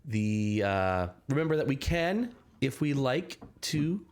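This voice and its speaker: A man running a tabletop game on a live stream, narrating scenes in a halting, scattered way and saying he is sick. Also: medium pitch, very animated. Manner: scattered, halting, lots of restarts. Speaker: game master.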